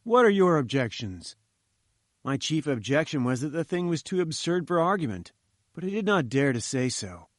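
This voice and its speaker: A man reading a first-person story aloud in a measured, earnest manner. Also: a little high, lively intonation, no room sound, studio quality. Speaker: audiobook narrator.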